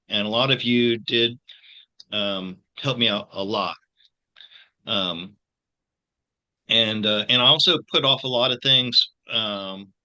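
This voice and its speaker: Halting bright-voiced man in his sixties. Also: on the low side. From United States. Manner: halting, many restarts and fillers. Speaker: tarot reader and channel host. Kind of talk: casual personal talk to viewers.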